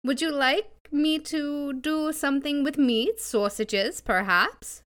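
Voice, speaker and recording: A woman's voice: sits high, slow pace, a bit bright. A woman voicing a brash, boastful female butcher with a put-on Australian-style accent and bold slang. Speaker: player.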